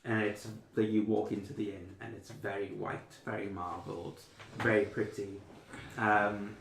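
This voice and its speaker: A man's voice: on the low side, slight background noise. Young guy dm rambling thru scene descriptions, lots of ums and likes, echoey room. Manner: rambling, filler-heavy describing. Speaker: dungeon master. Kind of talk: casual narration of a tabletop game. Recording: roomy echo.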